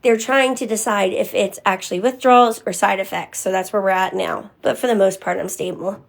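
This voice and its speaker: A woman's voice: medium pitch, steady tone, a little fast, gravelly. A young woman talking candidly on a live stream, answering viewers by name in casual chat.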